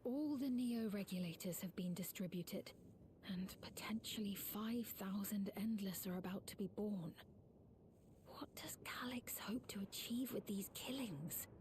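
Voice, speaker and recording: A woman's voice: a little high, lively intonation, moderate pace, dark tone, a little hiss or hum, lightly acted. An actress playing an earnest young woman in voiced game dialogue. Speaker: game character.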